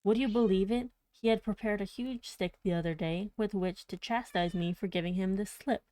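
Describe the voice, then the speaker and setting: A woman reading out a letter from an anxious gentleman, now and then stumbling over words. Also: mid-range voice, moderate pace, no room sound, close to an everyday voice. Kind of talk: audiobook reading.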